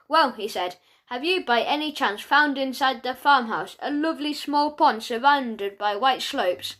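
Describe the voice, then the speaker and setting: High-voiced woman reading a kids' story. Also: fairly bright tone. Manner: voices several animal characters. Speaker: audiobook narrator. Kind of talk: children's audiobook reading.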